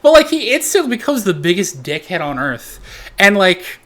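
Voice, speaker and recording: A man riffs through a reaction video with loose, profane comedic commentary, constantly looping back on himself and swearing as he goes. His voice sits slightly high for a man. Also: normal speed. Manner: rambling, animated, swears a lot.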